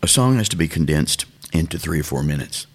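A man's voice: a bass voice, expressive, brisk, husky. A older man, a songwriter, talking thoughtfully and unhurriedly in an interview. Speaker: songwriter guest. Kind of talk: reflective interview talk.

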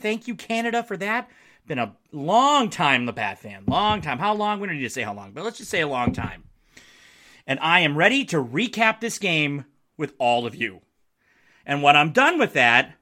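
Lively, bright-voiced man hosting a sports podcast. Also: fairly high pitch. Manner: playful, self-mocking, rambling asides. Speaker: podcast host. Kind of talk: solo sports podcast, casual and jokey. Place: home basement.

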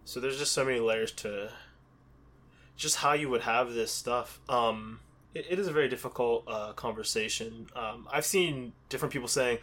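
A man's voice: medium pitch, moderate pace, a bit bright. A man from Pittsburgh talking in a casual, rambling way, with lots of fillers and restarts. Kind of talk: casual chat.

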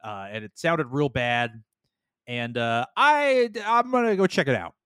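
A man's voice: medium pitch, sing-song, a little slow, fairly bright tone, smooth, dry recording, studio quality. A man co-hosting a casual podcast chat, rambling and joking with frequent swearing. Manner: rambling, profane, jokey. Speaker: podcast co-host.

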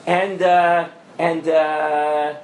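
A man, a rabbi, giving a lively Torah class to a live audience, often asking if they follow him and mixing in Hebrew and Yiddish terms. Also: fairly high pitch, very slow, roomy sound, slight background noise. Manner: animated, asks the audience questions, mixes in Hebrew and Yiddish terms. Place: lecture room with an audience.

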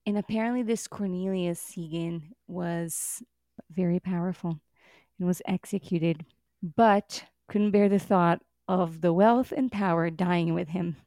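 A woman co-hosting a podcast in casual chat, animated and exasperated, swearing now and then and laughing as she talks. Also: on the low side, unhurried, no room sound, studio quality. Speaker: podcast co-host.

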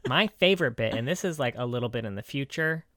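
A man's voice: animated, fast talker, bright, forceful tone, no room sound, studio quality. Joking, profane man podcast co-host. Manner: joking, profane, pitch jumps up when incredulous. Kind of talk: casual film review chat.

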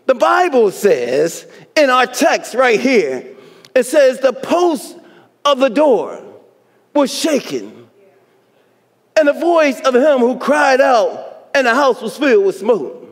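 High-voiced whooping preacher in a reverberant sanctuary. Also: male voice, big pitch swings, takes it slowly. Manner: whooping, shouting praise with rising fervor. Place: church sanctuary. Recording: long reverb of a church sanctuary.

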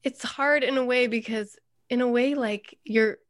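Co-host: woman, voice a bit high, slow and halting, dry close sound. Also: fairly even intonation, no echo. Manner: halting, searching for words. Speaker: podcast co-host. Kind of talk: casual chat.

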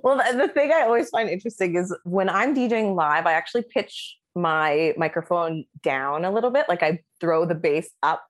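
A woman's voice: on the low side, normal speed, few pauses. A woman who works as a DJ, chatting as a podcast guest and acting out quotes with plenty of laughter. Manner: animated, acts out quotes, laughs often. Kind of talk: casual podcast chat.

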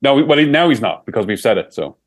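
Lively, teasing podcast host. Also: male voice, mid-range voice, fast. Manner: teasing, laughs often, swears casually. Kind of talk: casual podcast banter.

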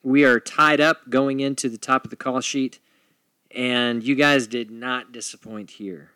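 A man's voice: medium pitch, steady tone, measured pace, sharp tone, smooth, no room sound. A man hosting and moderating a podcast debate, playful and theatrical as he announces. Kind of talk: casual moderating chat.

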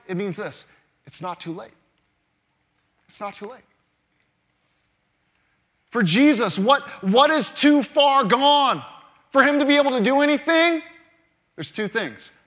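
A male pastor, likely in his thirties, preaching a sermon, swinging between hushed moments and loud repeated declarations. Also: sits high. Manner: builds from hushed to loud, repeats phrases for emphasis.

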